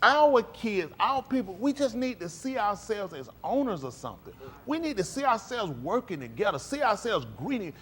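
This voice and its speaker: Preaching a live-streamed sermon, a man with a high, slightly breathy voice speaks at normal speed with few pauses. His style is emphatic and conversational, drawing call-and-response from the congregation, and he's animated, swinging between quiet and loud.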